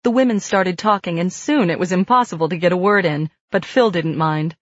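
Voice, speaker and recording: A woman narrating an audiobook in a calm, steady storytelling manner. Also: lowish voice, a little fast, no echo. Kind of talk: scripted narration. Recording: dull dry studio read.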